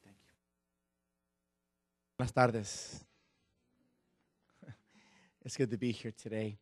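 A middle-aged man, a visiting missionary preaching a sermon, halting with many restarts. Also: fairly low pitch, level tone, no echo. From Mexico. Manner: warm, halting with restarts, building to loud preaching. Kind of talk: sermon with joke and scripture reading.

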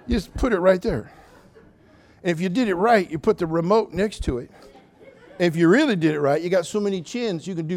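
An older man preaching a sermon as pastor, telling funny stories with sudden loud outbursts, then speaking more quietly and earnestly. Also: high-pitched. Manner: humorous, animated storytelling with sudden loud outbursts. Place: church.

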